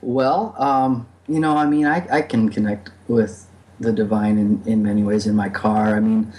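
A man's voice: lowish voice, fairly even intonation, normal speed, a little mellow. A man speaking reflectively in a casual podcast conversation, with many fillers and restarts. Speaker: podcast guest.

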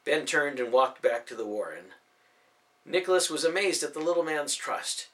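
A man reading a fantasy story aloud as scripted narration, with expressive storytelling. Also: a little high, normal speed. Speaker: audiobook narrator.

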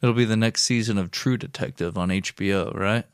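A man co-hosting a podcast, tossing in dry, deadpan one-liners in casual banter. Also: fairly low pitch, brisk, clear, resonant tone, dry recording. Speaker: podcast co-host.

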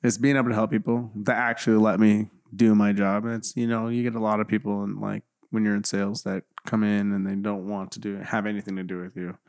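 Low-voiced young man rambling with "dude". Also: flat delivery, fast talker, few pauses. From Idaho, United States. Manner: rambling, many fillers like "like" and "dude". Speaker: guest. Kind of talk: casual chat.

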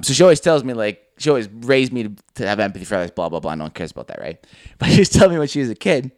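Animated young man telling stories. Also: on the low side, no echo. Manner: animated storyteller, swears freely, acts out quotes. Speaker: podcast co-host. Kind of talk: casual podcast storytelling.

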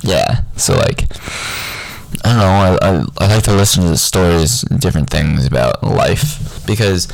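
A man's voice: deep voice, animated, moderate pace, creaky, low-quality recording. A young man talking in a rambling, profane, unfiltered casual monologue.

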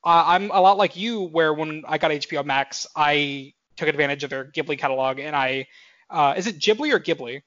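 A young man in his twenties chatting casually as a podcast co-host, his voice sitting a bit high for a man. He rambles, restarts and pads with fillers. The audio is dry and a little dull, with no room sound. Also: steady tone, a little fast, a bit bright, dry recording. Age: 20s. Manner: rambling, filler-heavy, self-correcting. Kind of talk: casual chat.

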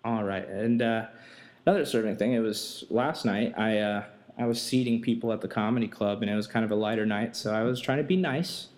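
A young man hosting a podcast, telling a casual, profane and animated story about his life and work. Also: fairly low pitch, fairly quick. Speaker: podcast host.

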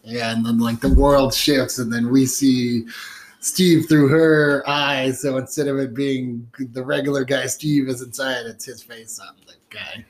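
An easygoing man co-hosting a casual podcast, chiming in often with quips and agreement. His voice sits at a middle pitch and stays conversational throughout. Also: steady tone, measured pace, a little hiss or hum. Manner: easygoing, chimes in and jokes. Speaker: podcast co-host. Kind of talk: casual chat.

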